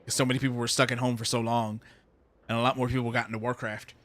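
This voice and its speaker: A man's voice: mid-range voice, flat delivery, fast, fairly bright tone, a little hiss or hum. A man streaming a game, ranting heatedly with lots of swearing. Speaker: gaming streamer. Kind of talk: ranting commentary while playing a game.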